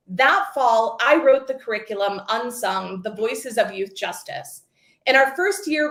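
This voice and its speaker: A woman in her forties giving a scripted keynote talk, telling stories with lively acted quotes. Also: on the high side, reverberant. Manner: storytelling, expressive with acted quotes. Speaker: keynote speaker.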